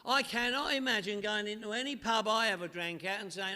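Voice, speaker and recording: Telling his story with comic repetition, this middle-aged AA speaker from northwest London gives a humorous recovery talk in a London accent. He sounds high-pitched, animated, pushed and bright, talking briskly with few pauses, and the meeting hall adds echoey reverb.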